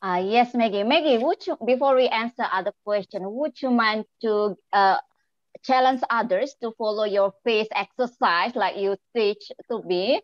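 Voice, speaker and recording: A woman's voice: a little high, moderate pace, no echo. A woman whose first language is Indonesian, moderating a webinar in English over a video call, polite and hesitant, with fillers. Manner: polite, hesitant, with fillers and non-native phrasing. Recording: dull, dry video call audio.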